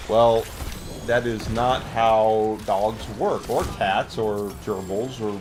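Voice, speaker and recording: A man's voice: lowish voice, fairly even intonation, slow, background noise. A man chatting casually while playing a video game, rambling with lots of fillers. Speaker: gamer. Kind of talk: casual gameplay commentary.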